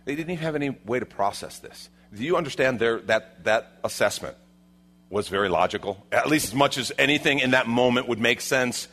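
A man preaching a sermon, acting out the disciples' lines with lively shifts and dropping to a hushed tone at reflective moments. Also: medium pitch, moderate pace. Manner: animated, acts out the disciples' lines. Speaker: pastor.

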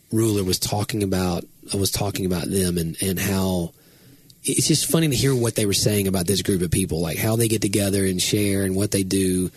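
Rambling husky middle-aged man chatting. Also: dry recording. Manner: rambling, self-correcting, excitable pitch jumps. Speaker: pastor and podcast co-host. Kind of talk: casual chat.

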